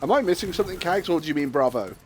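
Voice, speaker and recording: A man's voice: on the high side, expressive, racing, soft background music. A man hosting a live game stream, chatting casually and rambling with friends, laughing easily and swearing now and then. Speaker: streamer and host. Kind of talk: casual chat while gaming.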